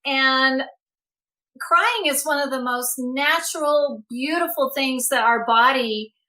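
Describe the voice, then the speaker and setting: A woman's voice: high voice, slow pace, pushed and bright. A woman speaking as a guest coach in a podcast conversation, earnest and emphatic as she advocates for letting emotions out.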